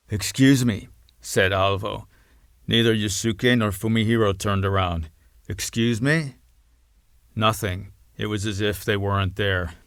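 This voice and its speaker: Male audiobook narrator, low voice, dry close sound, understated delivery. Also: a bit bright, no room sound.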